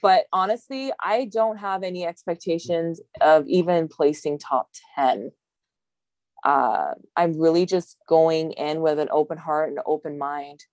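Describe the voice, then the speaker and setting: Low-voiced chatty woman, dry sound. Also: unhurried, darkish tone, no room sound. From Hawaii. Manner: chatty, rambling, laughs often. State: tired. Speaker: guest, bodybuilding competitor. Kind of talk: casual interview talk.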